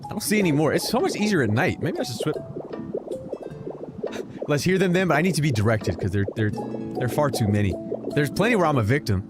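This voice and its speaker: A man with a slightly high voice tells stories while he plays a game on stream. He talks casually, swears freely and gets animated, with clear game music playing behind him. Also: fairly quick, pauses often. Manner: animated, profane storytelling. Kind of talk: casual storytelling while gaming.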